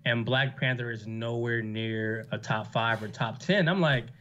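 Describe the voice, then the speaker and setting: A young man guesting on a casual movie review chat, relaxed and full of slang. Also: medium pitch, unhurried, dull audio, slight background noise.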